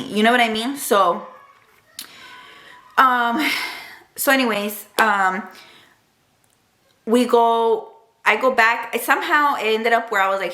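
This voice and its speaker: A woman's voice: on the high side, unhurried, pauses often, pushed and bright. A young woman casually telling a personal story to camera, chatty and emotional, full of "like" and "dude". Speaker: vlogger. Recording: roomy echo.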